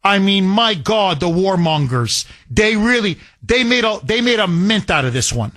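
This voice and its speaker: A man's voice: high voice, very animated, moderate pace, fairly bright tone. A man hosting a talk radio show, delivering a combative, sarcastic monologue full of rhetorical questions.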